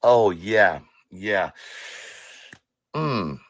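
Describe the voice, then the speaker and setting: A man's voice: on the low side, animated, extremely slow, vocal fry, a bit bright, no room sound. A man ranting on a stream, taunting and cursing at a rival. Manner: taunting, profane, confrontational. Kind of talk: angry live-stream rant.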